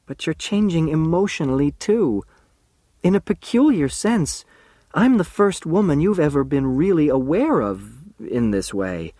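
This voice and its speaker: A man reading as a gentle, cautious young woman teacher. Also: fairly high pitch, big pitch swings, unhurried, no echo, studio quality, voice pushed up, heavily acted. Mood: gently cautious. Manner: soft, pleading, patient.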